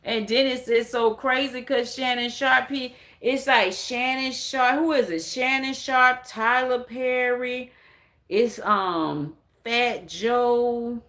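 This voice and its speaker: A woman's voice: on the high side, fairly even intonation, takes it slowly, fairly bright tone. Blunt, profane woman ranting to viewers. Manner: talks straight to her viewers. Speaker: livestream commentator. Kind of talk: casual livestream chat.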